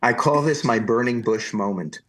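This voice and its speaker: A man from New Jersey, a podcast guest, telling long stories in an animated way and acting out the people he quotes. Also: medium pitch, moderate pace, a crowd in the background. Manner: animated anecdotal storytelling, acts out quoted voices. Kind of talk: storytelling interview.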